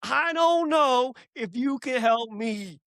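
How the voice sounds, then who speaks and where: A man voicing a big, intimidating New Jersey tough guy who bosses a young cashier around, slow and drawn out. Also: very high voice, animated, fairly bright tone, clear, resonant tone, dry recording, clean studio sound, pitched above the performer's own voice, heavily acted. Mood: bossy, impatient. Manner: slow, drawn-out, demanding delivery.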